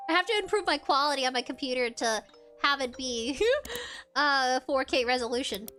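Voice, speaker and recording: A woman's voice: sits high, normal speed, bright, forceful tone, soft background music. A young woman streaming a game, chatting casually and giggling as she reads chat aloud.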